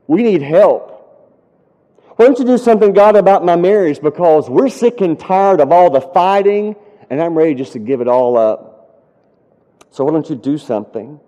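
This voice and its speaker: A man's voice: fairly high pitch, warm tone. A man preaching a sermon as a pastor. He tells a story earnestly, then rises into impassioned, pleading prayers. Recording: dull sound with long hall reverb.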